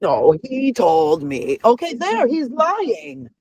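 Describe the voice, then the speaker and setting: A commentator in their forties reacting heatedly, cursing freely and scolding in a blunt, streetwise way. The voice is mid-pitched and recorded dry and close, with little room sound. Rhetorical questions often pile up in quick bursts. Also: wildly swooping pitch, a little mellow, slightly rough, no echo. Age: 40s. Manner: rapid-fire rhetorical questions. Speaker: commentator reacting to a reality show.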